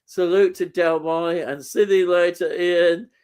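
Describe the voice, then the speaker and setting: Slow-talking man reading comments. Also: sits high, steady tone, darkish tone, smooth. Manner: unhurried, lots of ums, laughs easily. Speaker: co-host reading viewer comments. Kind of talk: casual live-stream chat.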